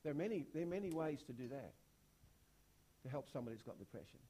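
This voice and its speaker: A man preaching a sermon, driving points home with repeated rhetorical questions and big swings from hushed to loud. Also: mid-range voice, expressive, fast talker, slightly rough.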